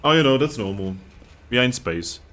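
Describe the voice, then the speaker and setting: A man's voice: medium pitch, animated, a little fast, a bit bright, soft background music. A man playing a video game, reading the narration aloud with casual, wry asides. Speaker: let's play gamer.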